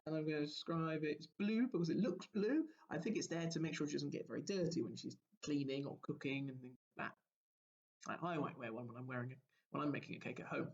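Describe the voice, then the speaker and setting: A male primary school teacher talks young children through a story lesson, explaining gently and pausing to ask them questions. His voice sits a little high and carries a gravelly edge. The recording sounds dull and lo-fi.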